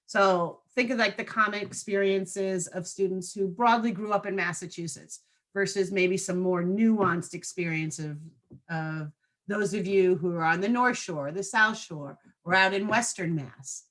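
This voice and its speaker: A woman's voice: medium pitch, a little slow, a bit bright. A woman trainer giving a training presentation to school staff in a conversational way, often checking in with her listeners through short tag questions.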